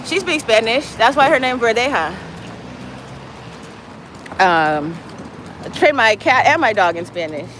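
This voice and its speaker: A woman's voice: fairly high pitch, sing-song, a little slow, pauses often, a bit bright, a little hiss or hum, low-quality recording. A woman livestreaming as she walks outdoors, talking casually in a meandering, profane way. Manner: profane, meandering, talks to her cat in baby talk. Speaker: live streamer. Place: outdoors on a city street, walking.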